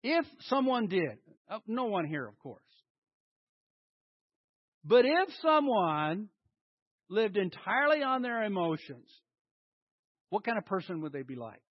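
A male pastor preaching in a high voice, acting out his own inner dialogue. His pitch swings widely from one phrase to the next. The recording sounds dull and lo-fi. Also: big pitch swings, unhurried, pauses often. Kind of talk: sermon.

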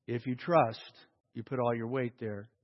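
A man preaching a sermon as a pastor, telling stories and swinging from loud acted-out quotes to hushed, slow emphasis. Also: mid-range voice, fairly even intonation. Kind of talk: sermon storytelling. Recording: dull sound with long hall reverb.

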